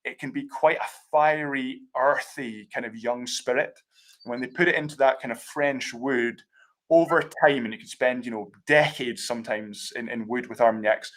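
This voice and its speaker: A man's voice: mid-range voice, moderate pace, a bit bright. Scottish man, brand ambassador, chatty explainer, video call sound, fillers and asides. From Scotland. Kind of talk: live tasting talk.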